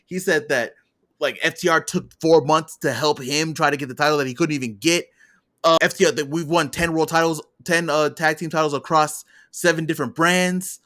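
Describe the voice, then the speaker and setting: A man's voice: fairly high pitch, steady tone, normal speed, fairly bright tone. A man co-hosting a podcast, casually recapping a wrestling show in rambling detail. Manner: rambling storyteller, acts out quotes from the show. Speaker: podcast co-host.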